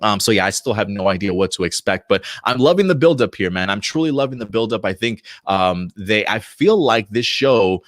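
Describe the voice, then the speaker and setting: A man's voice: on the low side, expressive, a little fast, hardly any pauses, a bit bright, no room sound. A man hosting a casual video review, talking enthusiastically and rambling, with lots of fillers and restarts. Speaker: host reviewing episodes and comics.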